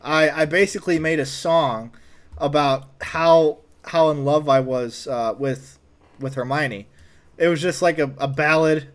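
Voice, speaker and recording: Man, comedic storyteller, higher-pitched voice, animated delivery. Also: unhurried. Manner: animated, acts out quotes in a raised voice.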